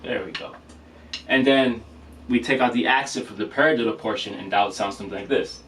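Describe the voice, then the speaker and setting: Over loud music, a man with a fairly low voice talks fairly quickly while casually demonstrating drum rudiments. He's loose and apologetic, using lots of fillers and stopping to correct himself, and his voice sounds distant with faint noise.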